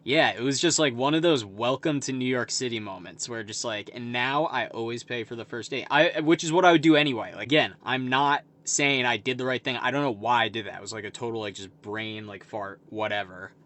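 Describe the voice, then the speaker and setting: A man's voice: medium pitch, brisk, hardly any pauses, a bit bright. A man in his late twenties telling a personal story in a rambling, self-deprecating way. He fills his speech with lots of "like" fillers. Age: late 20s. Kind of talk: casual storytelling to camera.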